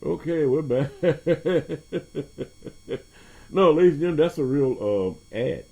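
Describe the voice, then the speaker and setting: A man's voice: fairly high pitch, expressive, slow pace, vocal fry, a little mellow, highs cut off. A man hosting his own podcast in a loose, profane monologue, laughing often and jumping between topics. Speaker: podcast host. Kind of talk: casual monologue.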